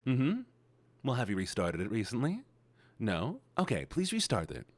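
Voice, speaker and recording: A man streaming live, chatting casually with his viewers and telling animated stories. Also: medium pitch, normal speed, no room sound. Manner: animated storyteller, talks to chat.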